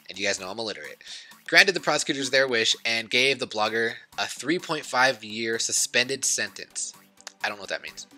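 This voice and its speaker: A man's voice: medium pitch, pushed and bright. A man in his twenties casually rambling through gaming news in a chatty, self-deprecating way. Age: 20s. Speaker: YouTube news host.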